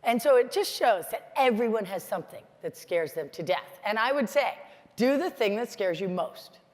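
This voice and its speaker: A middle-aged American woman telling stories in a lively, chatty motivational conference talk. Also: a little high, moderate pace. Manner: storytelling, animated, chatty with many "like"s. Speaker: keynote speaker. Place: large conference hall. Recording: hall reverb from a stage mic.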